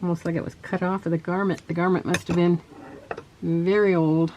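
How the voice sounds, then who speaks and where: Low-voiced woman chatting through a craft. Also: flat delivery, a little fast, dull audio, slight background noise. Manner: soft-spoken, chatty, trails off while working. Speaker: craft video host. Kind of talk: casual crafting tutorial.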